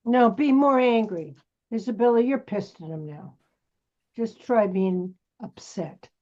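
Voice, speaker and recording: Woman acting coach, pushy and teasing, a touch high, recorded dull and lo-fi. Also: expressive, a little slow, a little mellow. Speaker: acting teacher. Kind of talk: coaching a scene rehearsal. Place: acting class studio.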